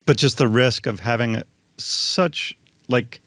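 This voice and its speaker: A man's voice: medium pitch, takes it slowly, fairly bright tone, no room sound, clean studio sound. A man hosting a work podcast, joking playfully with his guests. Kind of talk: conversational podcast talk.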